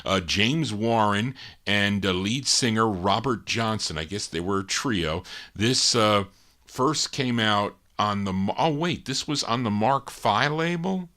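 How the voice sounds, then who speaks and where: A man hosting a live show of old soul records, chatting casually, pausing to recall names and details. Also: on the low side, lively intonation, pushed and bright. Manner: unhurried, pauses to recall names, fillers. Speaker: radio-style show host and DJ.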